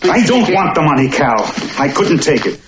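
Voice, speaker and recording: An actor playing a stern, principled older father from an old classic film, speaking gravely and deliberately. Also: a little high, sing-song, background noise. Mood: grave, firm. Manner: grave, measured, moralizing. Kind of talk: 1950s film acting.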